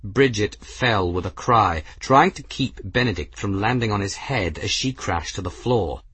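A man narrating a story aloud with a steady, dramatic reading and a husky voice, close to the mic. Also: lowish voice, measured pace, dry recording. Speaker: audiobook narrator. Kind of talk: scripted narration.

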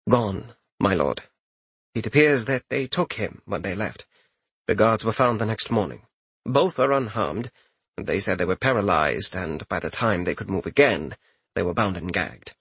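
A man voicing a formal, loyal male chamberlain who speaks in a low, measured, deferential way. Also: animated, fairly bright tone, breathy edge, no room sound, full character voice. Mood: grave.

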